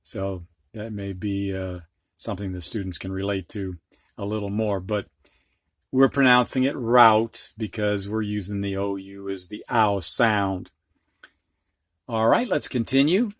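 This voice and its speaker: With a lowish voice and measured pace, an older man patiently sounds out words in a reading lesson, explaining each with everyday examples. The phonics lesson is aimed at students and teachers, and the studio sound is clean with no room noise.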